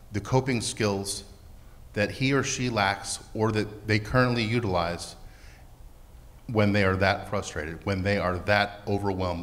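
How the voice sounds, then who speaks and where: A man speaking as a therapist on a panel, emphatic and animated, asking rhetorical questions. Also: on the low side. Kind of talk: panel talk. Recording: long hall reverb.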